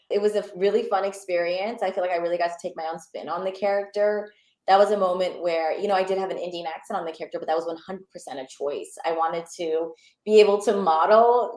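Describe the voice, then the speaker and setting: A young adult woman, an actor, chatting as a guest in an interview, enthusiastic and animated with many fillers. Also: mid-range voice, roomy sound. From Pakistani and Bangladeshi heritage. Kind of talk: casual interview chat.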